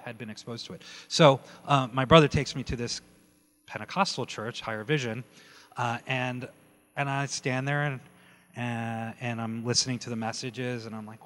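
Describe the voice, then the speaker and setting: A man preaching his personal testimony, telling the story with animated energy and acting out quoted dialogue. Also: medium pitch. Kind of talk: testimony sermon. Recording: long hall reverb.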